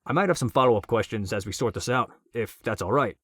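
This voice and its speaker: A man's voice: mid-range voice, expressive, quick pace, dry recording, studio quality, close to an everyday voice. A man voicing a friendly, probing male police detective with a Spanish accent. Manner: polite, questioning.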